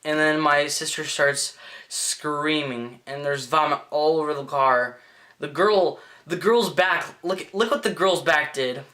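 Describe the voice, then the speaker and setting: A teenage boy vlogger telling a story in a rambling, excitable way, full of fillers and restarts. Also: a little high, a little slow. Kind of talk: casual storytelling vlog.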